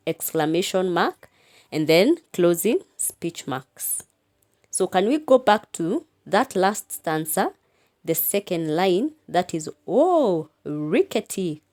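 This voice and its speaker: Woman teacher, lively pitch, slow careful delivery, reads verse and calls out punctuation. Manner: slow and deliberate, dictating punctuation, expressive. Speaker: English teacher. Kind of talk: recorded lesson, reading a poem aloud.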